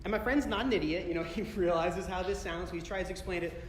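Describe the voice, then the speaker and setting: A man's voice: high voice, quick pace, hardly any pauses, a little hiss or hum. A man doing a stand-up comedy set before a live audience, telling a rambling story and correcting himself as he goes. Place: concert hall, live audience. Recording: echoey concert hall recording, long reverb.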